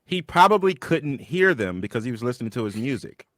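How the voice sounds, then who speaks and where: A man's voice: mid-range voice, very animated, a little fast, fairly bright tone. A man co-hosting a casual comic review chat, dropping dry wisecracks. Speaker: co-host.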